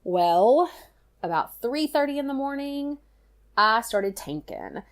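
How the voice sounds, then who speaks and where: A middle-aged woman with a drawl recounts a personal story in a loose, chatty way. Her voice sits a little high, and she sprinkles "you know" through nearly every sentence as she retells it with lively feeling. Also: slow pace. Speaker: guest storyteller, mother.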